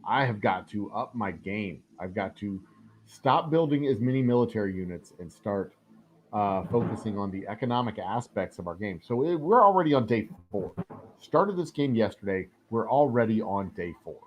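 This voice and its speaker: A man with a low voice hosts a live strategy-game stream. He rambles, jokes and swears casually as he plays. The sound is dull and lo-fi. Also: animated, moderate pace, a little hiss or hum. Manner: rambling, joking asides, frequent fillers. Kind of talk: casual live gameplay commentary.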